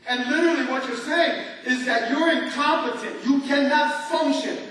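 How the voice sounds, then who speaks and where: A man preaching a sermon as pastor, animated and leading his congregation in call-and-response. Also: very high voice, moderate pace, a little hiss or hum. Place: large church hall. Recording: echoey church hall from far off.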